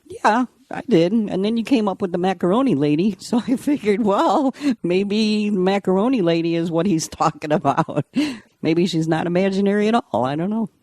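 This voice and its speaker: A woman's voice: medium pitch, moderate pace, darkish tone. A middle-aged woman talks as a podcast guest, recounting stories casually and laughing between lines. Her voice has a dry, close sound with no room echo. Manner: chatty, laughs often while telling stories. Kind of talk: casual storytelling.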